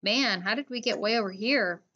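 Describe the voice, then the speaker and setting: A woman's voice: mid-range voice, normal speed, pushed and bright, muffled recording, slight background noise, lightly acted. Woman reading as an anxious young boy. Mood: worried. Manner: worried, questioning. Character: anxious younger boy who looks up to his friend.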